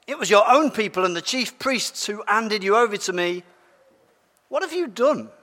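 A stern governor presses with sharp questions, read aloud by a male preacher. The voice rings through a long church echo. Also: sits high, expressive, normal speed. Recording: long church hall reverb.

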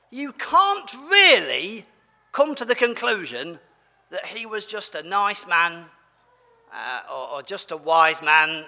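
A man preaching a family-friendly sermon in a big hall, with long reverb trailing each phrase. His voice is high and very bright, and it swoops up and down as he quizzes the crowd in a playful, animated way. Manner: animated, asks the audience questions, playful.

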